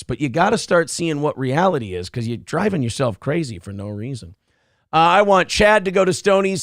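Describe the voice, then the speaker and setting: A man's voice: a little high, gravelly, fairly bright tone, dry recording, studio quality. A man hosting a live show, reading chat comments aloud and firing back at critics in a brash, taunting way. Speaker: show host.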